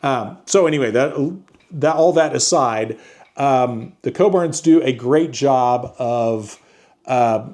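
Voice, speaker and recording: A man casually talking through a book review, halting often with fillers and restarts. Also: mid-range voice, darkish tone. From United States.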